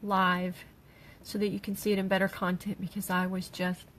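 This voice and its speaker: A middle-aged woman, tearful, speaking haltingly on an emotional personal livestream as a grieving mother. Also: mid-range voice, little pitch movement, fairly bright tone, slight background noise, poor audio. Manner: halting, with pauses and restarts. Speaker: grieving mother sharing her daughter's story.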